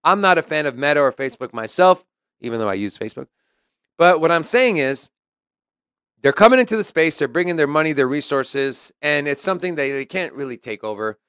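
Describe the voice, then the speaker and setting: A man's voice: on the high side, lively intonation, brisk, a bit bright, smooth, dry recording, clean studio sound. A man co-hosting a casual podcast, reading news aloud and commenting in a chatty way. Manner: chatty, reads article quotes then comments. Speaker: podcast co-host.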